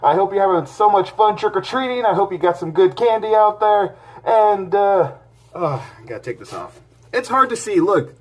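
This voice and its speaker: An enthusiastic man reviews a film on his own channel, rambling and restarting his sentences as he goes. His voice sits a bit higher than most men's, and it swings from loud bursts down to quiet muttering. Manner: excitable and rambling, with many restarts and asides. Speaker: movie reviewer and channel host. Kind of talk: casual spoken movie review.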